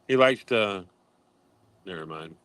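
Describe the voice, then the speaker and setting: A man's voice: deep voice, lively intonation, takes it slowly, a bit bright. A man on a livestream panel, matter-of-fact and knowing. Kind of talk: casual livestream chat.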